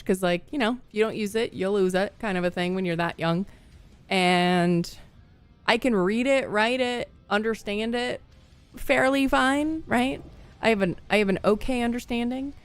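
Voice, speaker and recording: A woman's voice: mid-range voice, smooth. Chatty woman streamer telling stories. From US Midwest. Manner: chatty and rambling, laughs often, greets viewers between stories. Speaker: livestream gamer. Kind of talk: casual chat with stream viewers.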